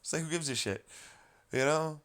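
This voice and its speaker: A man's voice: on the high side, moderate pace, a bit bright. A man vlogging a rambling, profane, exasperated commentary rant.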